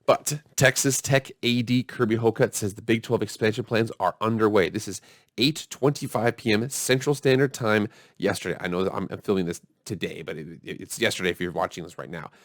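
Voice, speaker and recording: A man's voice: fairly low pitch, steady tone, a little fast, no room sound, clean studio sound. Upbeat man hosting a football show. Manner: upbeat and chatty, hypes the audience. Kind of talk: casual sports commentary.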